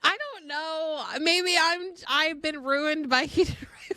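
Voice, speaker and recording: A woman co-hosting a podcast in relaxed casual chat, hesitant and searching for words, with the odd swear. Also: sits high, a little slow, dry recording. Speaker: podcast co-host.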